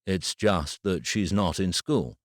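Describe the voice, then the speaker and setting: A man playing a firm yet concerned school official in an audiobook, speaking in a measured way. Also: low-pitched, expressive, no room sound, clean studio sound.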